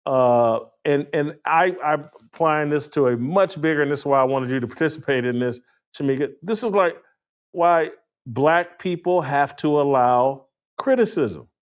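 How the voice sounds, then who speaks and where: A man's voice: on the high side, moderate pace. Male host, lecturing and preachy, muffled lo-fi audio. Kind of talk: casual panel talk. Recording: dull lo-fi sound.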